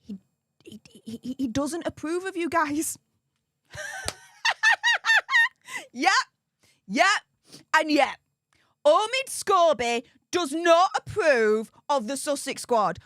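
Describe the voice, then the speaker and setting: A woman's voice: high voice, slow pace, pauses often, no room sound. Woman streamer, gleeful and teasing, dry close mic, talks straight to chat. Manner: animated and mocking, gleefully teasing. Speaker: livestream host. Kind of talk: casual live commentary.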